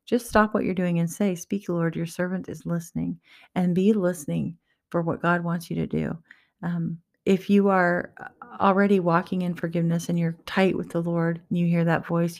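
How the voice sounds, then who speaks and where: A woman's voice: fairly low pitch, darkish tone. A woman giving an earnest, heartfelt personal faith talk to her viewers, encouraging them. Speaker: Christian vlogger.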